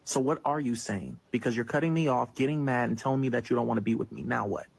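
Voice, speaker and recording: A fed-up girlfriend in a comedy skit, played by a man turns every reply into a new accusation. The voice is gravelly with a husky edge. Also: mid-range voice, quick pace. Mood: irritated. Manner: argumentative, twisting his words.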